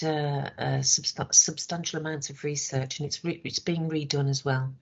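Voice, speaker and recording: Hoarse woman leading a training session. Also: low voice, fairly even intonation, normal speed, hardly any pauses. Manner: conversational, asks rhetorical checks. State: hoarse, voice worn. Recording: dull lo-fi recording.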